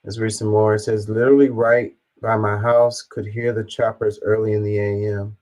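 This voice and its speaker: A man with a fairly low voice reacts to news in a loose, casual way. He reads viewer comments aloud and answers them bluntly, dropping the odd swear word. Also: flat delivery, normal speed, a little mellow, poor audio.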